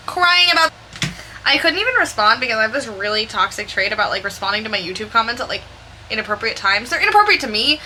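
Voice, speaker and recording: Bright, rambling young woman. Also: on the high side, slight background noise. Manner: rambling, candid and animated, with quick asides. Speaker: Sims builder narrating her speed build. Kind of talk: chatty voiceover storytime.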